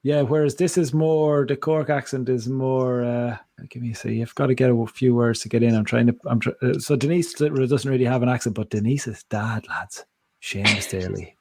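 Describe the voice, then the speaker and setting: A man's voice: medium pitch, steady tone, a little fast, hardly any pauses, mellow. A man co-hosting a podcast in casual chat, rambling and digressive, often breaking off mid-sentence. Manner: rambling, digressive, self-interrupting. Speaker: podcast co-host.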